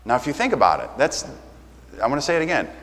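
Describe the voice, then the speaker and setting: A man's voice: mid-range voice, huge pitch swings, fast talker, a bit bright. A man delivers a sermon from the pulpit in an easy, conversational way, slipping into little acted-out dialogues. His mid-range voice rings out with a long church reverb around it. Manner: conversational, acts out quoted exchanges. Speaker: pastor.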